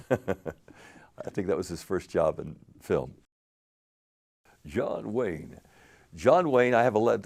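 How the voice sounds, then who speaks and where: An older man tells stories in an interview with a gravelly, fairly low voice. His pitch swings widely as he drives an animated anecdote along, often breaking into laughter. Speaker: game show host interviewee. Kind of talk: storytelling interview.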